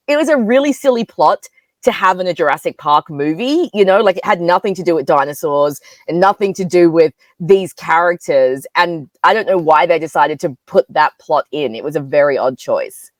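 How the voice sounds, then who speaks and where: A woman, co-hosting a casual film review chat, talking in an animated way with many fillers. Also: fairly low pitch, normal speed, dry recording. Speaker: podcast co-host.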